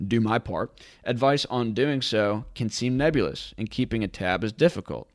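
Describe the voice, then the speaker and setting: A man's voice: lowish voice, expressive, moderate pace, no echo, clean studio sound. A man hosting casual commentary in a sarcastic, rambling way. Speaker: host.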